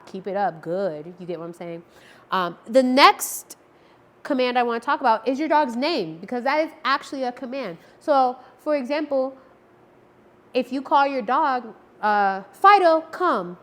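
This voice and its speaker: A woman dog trainer giving a casual lesson to camera, checking in often with a quick "okay?" and acting out her cue words in lively tones. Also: a little high. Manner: friendly, repeats "okay?" to check understanding; acts out marker words with lively tone changes. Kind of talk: casual instructional talk to camera.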